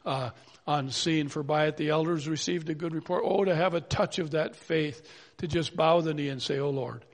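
A man's voice: on the high side, normal speed. A man preaching a sermon in an earnest, pleading way, full of rhetorical questions. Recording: long hall reverb.

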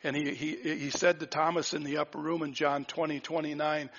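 A man preaching a sermon, earnest and reflective, asking rhetorical questions and often dropping to a soft voice. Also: on the high side, flat delivery, a little fast, hardly any pauses. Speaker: pastor. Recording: dull lo-fi recording.

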